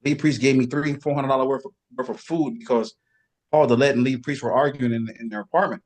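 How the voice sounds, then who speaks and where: A man's voice: mid-range voice, fast. Middle-aged guy telling stories casually, acts out other people's voices. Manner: animated storyteller, does voices of others. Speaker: guest bodybuilder. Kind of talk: casual storytelling.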